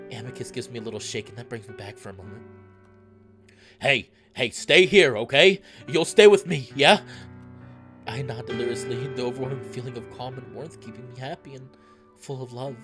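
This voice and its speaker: A man reading a visual novel aloud in steady first-person narration. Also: medium pitch. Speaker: let's play narrator.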